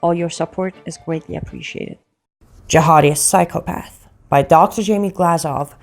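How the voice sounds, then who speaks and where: A woman's voice: fairly low pitch, normal speed. A woman reading a scripted promo in an urgent, exhorting manner. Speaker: promo announcer. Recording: faint music behind the voice.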